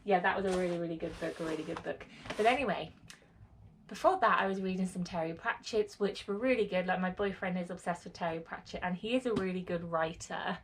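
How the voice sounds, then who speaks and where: A woman's voice: lowish voice, brisk, a little hiss or hum. A woman vlogging in a casual, rambling way, full of fillers and restarts, part of it from a small lean-to shed. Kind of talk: casual chat to camera.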